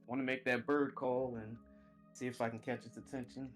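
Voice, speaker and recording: A man's voice: mid-range voice, level tone, fairly quick, soft background music. A man as a player in a tabletop game, talking hesitantly with many fillers.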